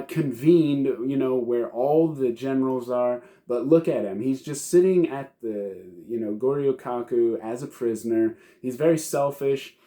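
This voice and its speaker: A man's voice: medium pitch, mellow. A man in casual, rambling commentary, reviewing a manga chapter with many fillers and restarts.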